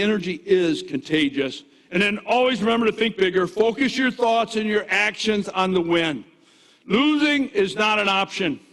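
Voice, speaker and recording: An older man coaching his team in an energetic motivational stage speech, rallying and shouting to the crowd in a large event hall. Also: high-pitched. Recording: echoey hall reverb.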